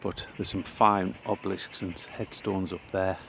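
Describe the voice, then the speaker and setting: A man gives a casual walking tour of a cemetery. He reads old headstones aloud with pauses and restarts, and he is out of breath. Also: deep voice, level tone, creaky, fairly bright tone, slight background noise. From North East England. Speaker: local history vlogger. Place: outdoors in a cemetery.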